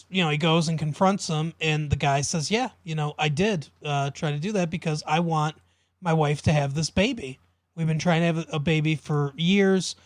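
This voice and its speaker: Podcast co-host, male, a bit high-pitched, dry mic, laid-back rambling recap. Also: no echo. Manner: relaxed, drawn-out retelling with many fillers. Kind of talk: casual chat recapping a TV episode.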